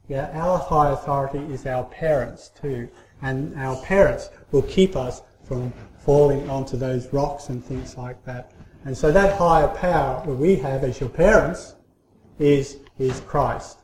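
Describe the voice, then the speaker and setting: Halting man telling a church story, echoey. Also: on the high side, darkish tone, a little hiss or hum. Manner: halting, many fillers and restarts. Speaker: church speaker giving a children's story. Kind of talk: informal sermon. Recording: roomy hall echo.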